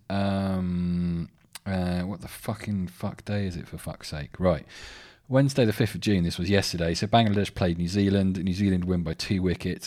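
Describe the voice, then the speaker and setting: A very low-pitched man from England hosts his own podcast, talking loosely and irritably with constant swearing. He rambles from topic to topic in a casual, offhand way. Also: normal speed, a little mellow. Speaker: podcast host. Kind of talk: casual solo podcast rant.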